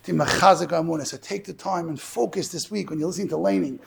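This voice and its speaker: A man delivers a storytelling sermon at a quick, tumbling clip, his voice heavily gravelly with fry. He sits a little higher than most men and keeps things animated, dropping Hebrew and Yiddish words in as he goes. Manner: animated, rushed, sprinkled with Hebrew and Yiddish terms. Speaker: religious lecturer.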